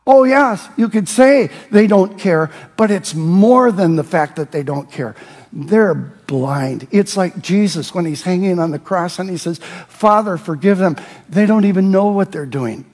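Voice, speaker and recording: A man preaching a sermon as pastor, reading scripture aloud and rising into impassioned shouts. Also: sits high, measured pace, in a large hall. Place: church sanctuary.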